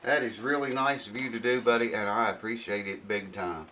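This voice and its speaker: A man's voice: on the low side, fairly even intonation, a little fast, pushed and bright, slight background noise, poor audio. A man chatting casually on his guitar repair vlog while unboxing parts, rambling and thinking aloud in a folksy way.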